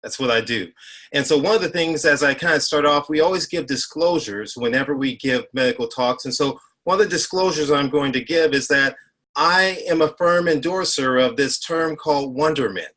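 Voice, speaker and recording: A man's voice: on the high side, moderate pace, a bit bright. A man in his forties, a heart doctor giving a health talk, telling a story with emphatic repeated phrases. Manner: storytelling, rising to emphatic peaks. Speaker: cardiologist speaker.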